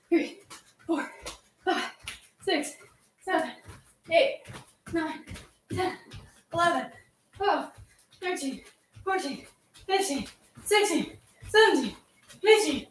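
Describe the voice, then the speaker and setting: Woman, fitness instructor, high voice, counting reps, playful encouraging cues, echoey room, distant mic. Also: slight background noise. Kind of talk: livestream workout coaching. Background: faint workout music.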